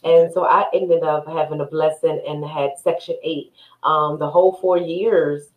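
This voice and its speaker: A woman's voice: sits low, fairly even intonation. A woman appearing as a podcast guest, talking frankly and emphatically in a casual conversation. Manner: frank, emphatic, quick to agree. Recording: echoey room sound.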